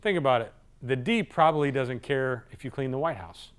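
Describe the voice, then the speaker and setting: A man giving a live sales training talk in a lively, conversational way, acting out what customers say. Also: medium pitch, a little fast, clean tone. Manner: lively, acts out customer voices.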